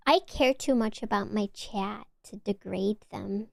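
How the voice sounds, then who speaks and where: A young woman with a Valley Girl accent chatting on her stream, talking loosely with lots of "like"s and sometimes dropping to a soft whisper. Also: measured pace, vocal fry, no echo, clean studio sound. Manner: chatty, filler-heavy with many "like"s, dips into low whispers. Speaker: VTuber streamer. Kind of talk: casual chat stream.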